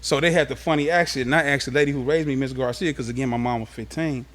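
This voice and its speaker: A man from Los Angeles sits as an interview guest and tells stories of his youth in a relaxed, streetwise way. His voice sits at an ordinary middle pitch. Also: fast talker. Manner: animated, streetwise storytelling. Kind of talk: casual storytelling interview.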